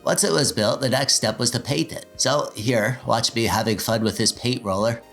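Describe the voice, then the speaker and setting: A man in his thirties with a nasal, stuffy voice, talking in a casual, sarcastic, self-deprecating vlog style as he gets excited about his project. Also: medium pitch, moderate pace, gravelly, faint music behind. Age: 30s. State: stuffy, getting over an illness. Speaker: DIY tech vlogger.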